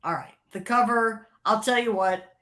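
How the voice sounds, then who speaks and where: An older woman recalling her years in album design, telling anecdotes in a lively, animated way and laughing often. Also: medium pitch, normal speed. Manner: animated, laughs often, acts out quoted voices. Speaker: interview guest, former record label creative director. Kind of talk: casual storytelling.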